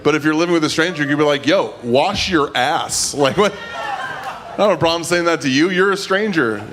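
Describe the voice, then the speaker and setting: A man's voice: a little high, fast, background noise. A man hosting a comedy show, joking loosely between acts.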